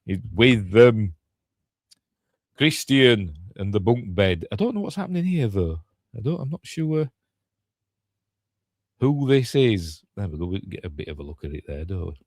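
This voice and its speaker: A man's voice: on the low side, big pitch swings, normal speed, pauses often, darkish tone, dry recording, studio quality. An older man with a Yorkshire accent, rambling casually through a film breakdown with chatty asides and self-corrections. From Yorkshire, England. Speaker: film reviewer.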